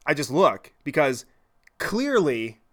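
A man telling a story in a podcast monologue, animated, profane and self-deprecating. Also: on the high side, slow. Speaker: podcast host.

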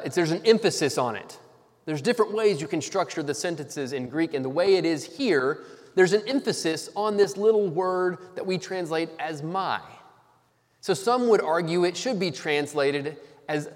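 Man, preacher, sermon, slow deliberate delivery, emphatic stresses, long church-hall reverb. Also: a little high.

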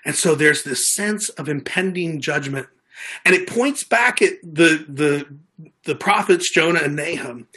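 A man's voice: fairly high pitch, fairly bright tone, breathy edge. A man preaching a sermon, earnest and conversational, often restarting his words as he reads and explains scripture. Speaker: pastor.

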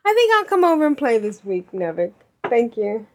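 A woman hosting a gaming podcast in casual chat, upbeat and quick to laugh, reading listener reviews. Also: on the high side, sing-song, a little mellow. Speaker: podcast host. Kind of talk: casual chat, running the show.

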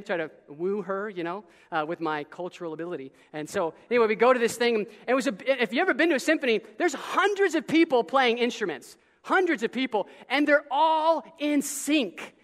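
Man, pastor, animated sermon, chatty asides, restarts mid-sentence, long hall reverb. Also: high voice. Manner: animated preaching with casual asides and self-restarts. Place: church sanctuary.

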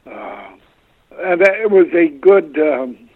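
A man being interviewed as a voice actor, talking in a halting way and pausing often to find his words. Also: fairly high pitch, big pitch swings. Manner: halting, pauses to search for words. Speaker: voice actor guest. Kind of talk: interview answers. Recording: tinny phone line.

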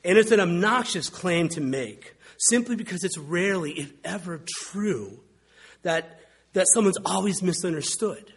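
Husky male pastor preaching conversationally. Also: sits high, expressive, measured pace. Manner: conversational, wry storytelling with mimicked quotes. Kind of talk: sermon.

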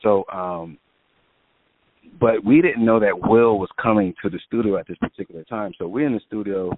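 Speaking at a moderate pace in a lowish voice, this music producer spins an animated story, full of fillers and acted-out quotes. The line sounds tinny, like a phone.

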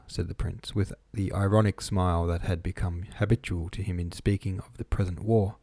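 Low, mellow male audiobook narrator. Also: fairly even intonation, a little fast, creaky, few pauses, no room sound.

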